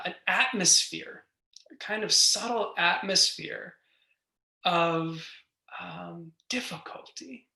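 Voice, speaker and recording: Gentle, slow meditation teacher in echoey room. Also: medium pitch. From New York. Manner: gentle, reflective, unhurried, with soft laughs. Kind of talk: guided meditation talk. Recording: roomy echo.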